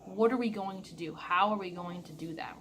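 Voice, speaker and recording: A woman talking earnestly to her camera in a reflective vlog, stressing words by slowing down. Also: lowish voice, a bit bright, a little hiss or hum. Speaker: vlogger.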